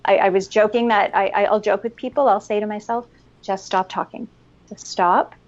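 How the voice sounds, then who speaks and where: A woman giving expert parenting advice as a podcast guest, calm and instructive, at times guiding a breathing exercise. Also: mid-range voice, a little fast, highs cut off. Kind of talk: explanatory interview talk.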